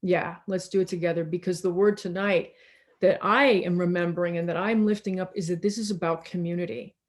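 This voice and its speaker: A woman pastor giving a slow, reflective sermon over a video call, repeating words and pausing for emphasis, a little tired. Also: lowish voice, fairly even intonation.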